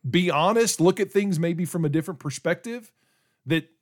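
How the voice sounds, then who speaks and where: A man's voice: high-pitched, moderate pace. A man in his forties on church staff, hosting a casual podcast chat, rambling with many restarts.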